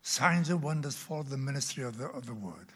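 Old male preacher, bright but husky voice, dramatic whispers, long hall echo. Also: mid-range voice, animated. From Wales. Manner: slow, dramatic, drops to a whisper for emphasis. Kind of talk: sermon with storytelling.

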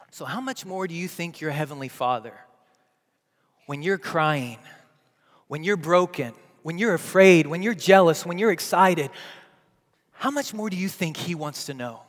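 A man in his thirties preaching a sermon as a pastor, telling a family story and moving between hushed softness and loud, pleading prayer. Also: high voice, moderate pace, in a large hall.

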